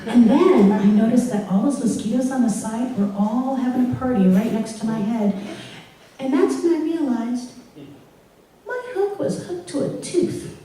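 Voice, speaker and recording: A woman telling a personal story live on stage, animated and laughing through it. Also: a little high, moderate pace, a little hiss or hum. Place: live storytelling event in a hall. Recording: echoey hall, voice from far off.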